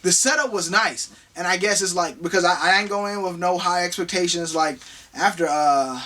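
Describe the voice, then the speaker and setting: A man's voice: high voice, moderate pace, pushed and bright, recorded from a distance, slight background noise. A man co-hosting a casual movie review chat, rambling and slangy, with a taste for big words. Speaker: co-host of movie review show.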